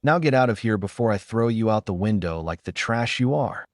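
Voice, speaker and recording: A man's voice: lowish voice, animated, brisk, darkish tone, no echo, studio quality, voice pushed up, close to an everyday voice. A man voicing a hot-tempered teenage girl ninja who gushes and threatens. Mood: fiery. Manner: gushing and threatening.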